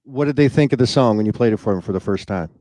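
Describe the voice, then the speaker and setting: A man hosts a relaxed interview, and his questions come out loose and easygoing. He is chatty and casual, with plenty of ums and uhs, and his voice sits at a mid pitch. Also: racing. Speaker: host.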